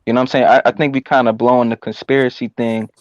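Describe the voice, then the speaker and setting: A man's voice: mid-range voice, flat delivery, fast, dry recording. Casual man on a dry, muffled line. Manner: casual, repeats phrases. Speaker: panel guest. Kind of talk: casual panel discussion.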